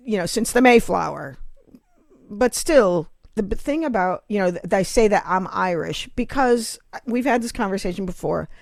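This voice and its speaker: A middle-aged American woman hosting a podcast, telling stories in a lively, blunt way and swearing freely. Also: mid-range voice, gravelly, dry recording, clean studio sound. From United States. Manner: animated storyteller, swears freely. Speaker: podcast host. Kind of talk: casual podcast chat.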